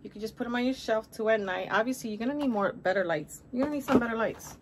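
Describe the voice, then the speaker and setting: A woman's voice: on the high side, fast, noisy background. A middle-aged woman chatting casually through a shopping haul at home, gushing and exclamatory, talking straight to her viewers and calling them guys and honey. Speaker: haul vlogger.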